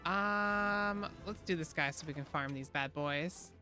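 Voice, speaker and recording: A woman streaming a game, chatting casually and excitably with rambling asides to her viewers. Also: deep voice, measured pace, faint music behind. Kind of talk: casual live-stream chat while gaming.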